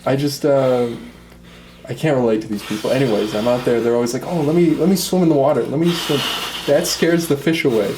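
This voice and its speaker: A man's voice: medium pitch, fairly quick, a little mellow, lightly acted. A man playing a defensive, rambling fisherman being interviewed in an improvised comedy sketch, who says "okay" constantly. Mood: boastful. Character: brash touchy fisherman guest, male, young adult. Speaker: interview guest. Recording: echoey room, mic far off, faint noise.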